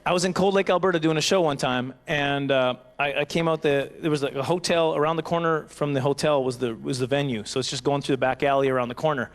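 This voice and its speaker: A man's voice: a little high, steady tone, fast, few pauses. A man performing a rambling, self-mocking stand-up comedy set at a banquet, jumping into silly voices. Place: banquet hall stage.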